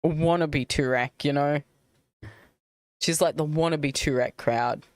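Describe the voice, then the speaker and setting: A woman's voice: low voice, a little slow, no echo. Chatty woman streamer. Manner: chatty, musing aloud. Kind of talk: casual let's-play commentary. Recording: music playing behind.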